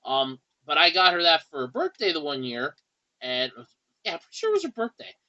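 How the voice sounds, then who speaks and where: A man's voice: fairly high pitch, wildly swooping pitch, brisk, bright, forceful tone, dull audio. A man hosting a podcast in a casual, rambling monologue with a wry tone and lots of fillers, speaking. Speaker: podcast host.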